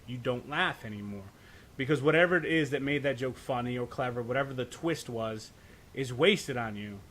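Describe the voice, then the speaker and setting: A podcast co-host with a medium-pitched, fairly bright voice rambles loosely and profanely in a casual discussion. He keeps checking in with "right?" and trips over restarts.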